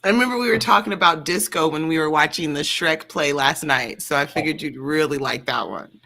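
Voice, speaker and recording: A woman's voice: low voice, fairly quick, gravelly, bright, forceful tone, a little hiss or hum. A woman co-hosting a casual livestream, teasing and giggling. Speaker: livestream co-host.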